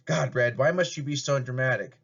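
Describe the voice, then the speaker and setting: A harsh, scolding mother who drinks, all scorn and sharp nagging, as a man puts her on. The voice sits at an ordinary middle pitch. It comes through a dull, lo-fi home recording. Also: a little fast, vocal fry, husky.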